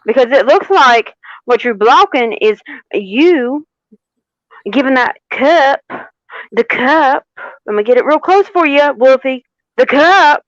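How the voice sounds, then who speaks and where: A woman's voice: high-pitched, dry recording. A woman who is a tarot reader, chatting in a sassy, playful, teasing way during a live reading. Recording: dull, muffled mic.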